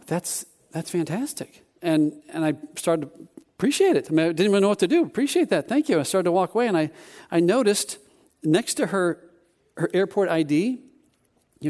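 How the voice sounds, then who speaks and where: A man preaching a sermon, telling a personal story in an animated way with many restarts. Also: on the high side.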